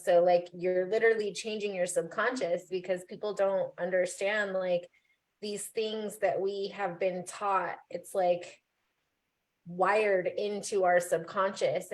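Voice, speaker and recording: A woman's voice: lowish voice, darkish tone. A woman hosting a casual live interview, talking enthusiastically with lots of "you know" and "like". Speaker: host.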